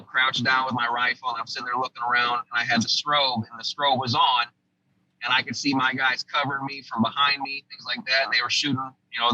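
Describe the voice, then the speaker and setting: A male podcast guest from the United States, formerly an army sergeant, tells a combat story with vivid detail, performing what people said. He has a medium-pitched, sharp-toned voice on lo-fi audio.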